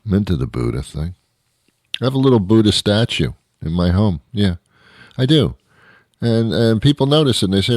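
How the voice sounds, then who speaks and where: A middle-aged man delivering a rambling comic monologue, full of restarts and deadpan asides. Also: lowish voice, moderate pace, pauses often, dry recording, clean studio sound. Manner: meandering, self-interrupting, deadpan asides. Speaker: comedian host.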